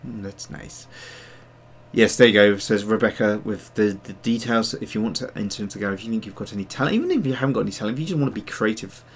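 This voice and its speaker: A man with a lowish voice and lively intonation talks quickly, with a bit of hiss or hum in the audio. He's hosting a digital sculpting stream, rambling casually, reading viewer messages aloud, and mocking himself.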